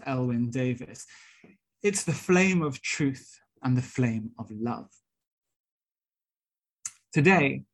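Earnest Welsh man giving a sermon talk. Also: medium pitch. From Wales. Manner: earnest, rhetorical storytelling with rising emphasis. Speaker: minister-elect. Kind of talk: sermon-style theme talk.

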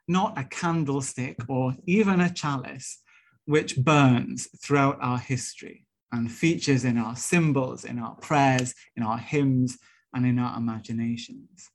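A man's voice: mid-range voice, a little slow. A young Welsh man, a minister-elect, delivering a sermon-style talk with earnest, rhetorical storytelling. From Wales.

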